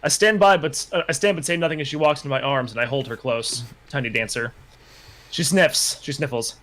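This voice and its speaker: A man's voice: medium pitch, brisk, fairly bright tone. A man hosting a livestream, reading a bad novel aloud and breaking off into laughing, mocking asides. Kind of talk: casual livestream reading and chat.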